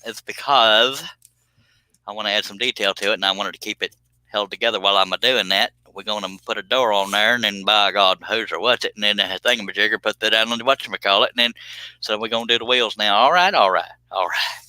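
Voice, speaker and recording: Bright, dry-sounding joking male woodworker. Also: lowish voice, fast, smooth, no room sound, poor audio. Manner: jokey, folksy, reads chat comments aloud. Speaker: livestream host, woodworker. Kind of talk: casual livestream chat while scroll-saw cutting. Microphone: headphones with computer mic.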